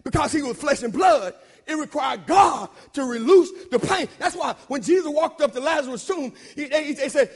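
A man preaches a sermon informally and repetitively, swinging between loud, shouted emphasis and low, murmured asides. He's animated and keeps a moderate pace.

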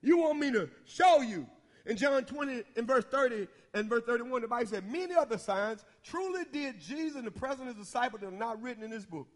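A middle-aged man preaching a sermon, folksy and quick to laugh, often asking the congregation questions. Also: extremely high pitch, expressive.

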